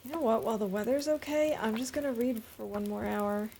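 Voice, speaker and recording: A woman's voice: fairly high pitch, a little fast, vocal fry, warm tone, a little hiss or hum. A woman streamer giving casual, chatty commentary while playing a game, thinking aloud as she goes.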